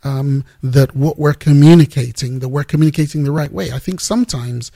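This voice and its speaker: Male Christian radio host, husky and earnest, reflective between songs. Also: a little high, dark tone, no room sound, clean studio sound. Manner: unhurried, searching for words, earnest. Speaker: host of a Christian music program. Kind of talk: reflective devotional talk between tracks.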